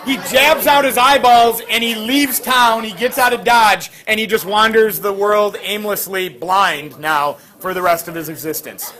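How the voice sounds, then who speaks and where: A male teacher retelling an ancient myth to his class in a jokey, slangy, animated way, with many fillers. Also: high voice, a little slow, hardly any pauses, some chatter behind. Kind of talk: classroom storytelling lecture. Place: classroom with students.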